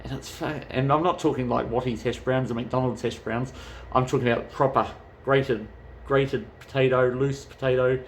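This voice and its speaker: A man's voice: medium pitch, steady tone, moderate pace, hardly any pauses, a little hiss or hum. A man chatting casually as a travel vlogger, rambling and swearing freely. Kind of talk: casual chat.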